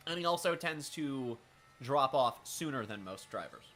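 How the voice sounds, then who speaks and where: A man streaming a racing management game, talking casually with a raspy, smoker-like voice, swearing and making wry remarks as he thinks aloud. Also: mid-range voice, animated, normal speed, a bit bright. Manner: profane, wry, thinking aloud while playing. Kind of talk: casual live-stream commentary.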